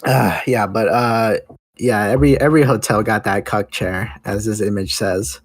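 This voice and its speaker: A man's voice: on the low side, fairly even intonation, moderate pace, dry recording. Rambling, laughing man, podcast host. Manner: rambling, laughs often, acts out silly scenes. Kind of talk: casual comedic chat.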